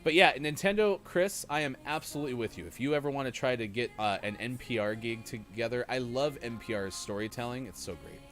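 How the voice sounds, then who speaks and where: A man's voice: medium pitch, fairly quick, few pauses, fairly bright tone, faint music behind. A man hosting a live gaming stream, rambling in a chatty way, reading and answering chat with lots of fillers. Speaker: host.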